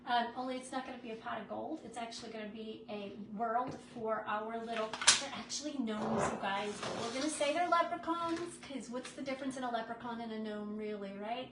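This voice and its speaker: Recorded on a phone on a stand in an echoey room, this craft livestream host sounds distant and a little high-pitched, talking briskly with few pauses. The phone audio is noisy as she crafts and greets viewers by name in casual chat.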